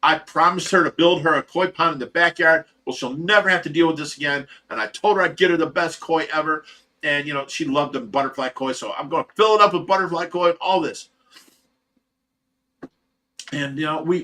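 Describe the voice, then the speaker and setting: A man's voice: fairly high pitch, sharp tone. A man hosting a fish rescue livestream, telling stories casually to his chat with laughter. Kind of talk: casual storytelling to a live chat.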